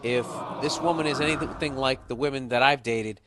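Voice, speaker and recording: Blunt, profane comedian giving advice. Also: male voice, medium pitch, moderate pace, background noise. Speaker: comedy podcast host.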